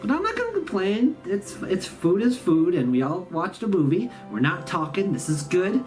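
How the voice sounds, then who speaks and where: Host rambling through a sarcastic holiday story, voice all over the place, quiet guitar somewhere behind. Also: medium pitch, very animated, normal speed. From Midwestern US. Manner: sarcastic, rambling, self-mocking. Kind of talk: comedic storytelling monologue.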